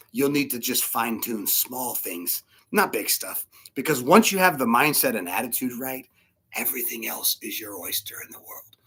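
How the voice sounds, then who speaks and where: A middle-aged man preaching a sermon as a pastor, animated and acting out the voices of people in his stories. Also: medium pitch, slightly rough.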